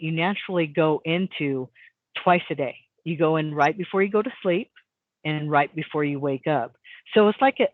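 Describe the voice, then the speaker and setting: A woman's voice: low-pitched, dry recording. Woman telling a story over a tinny phone line. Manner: rambling, animated storytelling with many fillers. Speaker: guest, hypnotist. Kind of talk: casual storytelling on a call.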